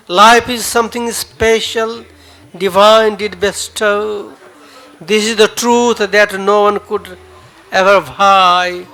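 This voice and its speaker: A man with a Nepali accent performs spoken word poetry at a cafe open mic. His voice sits high and bright, and he delivers each line slowly and dramatically, repeating phrases for emphasis. Faint music plays in the background. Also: creaky. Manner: dramatic, emotive recital with pauses and repeated lines.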